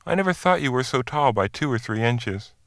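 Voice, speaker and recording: A man's voice: medium pitch, lively intonation, a little fast, fairly bright tone, dry recording, clean studio sound, voice pushed up. A man reading the part of a boastful, self-assured middle-aged drifter from the West, in a hearty storytelling manner.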